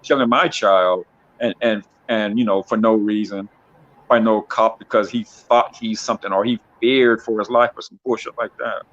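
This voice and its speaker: A man's voice: on the low side, steady tone, normal speed, a bit bright. Guy calling into a livestream, blunt, keeps restarting, muffled lo-fi sound. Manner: blunt, emphatic, many restarts. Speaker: livestream guest. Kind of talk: casual livestream chat. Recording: dull lo-fi call audio.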